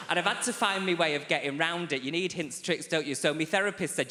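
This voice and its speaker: A man with a fairly high voice performs stand-up on a large theatre stage, talking fast with hardly any pauses in a bright, forceful tone. He's chatty and confiding, teasing audience members by name, and the echoey theatre recording carries faint audience noise.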